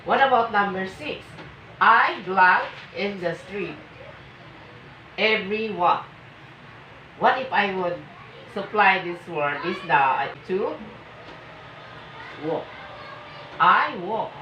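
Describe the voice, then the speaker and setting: A woman teaching an English grammar lesson, slowly and emphatically reading out example sentences for the class to repeat. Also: medium pitch, lively intonation, pushed and bright, slight background noise. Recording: echoey, muffled room from a distance.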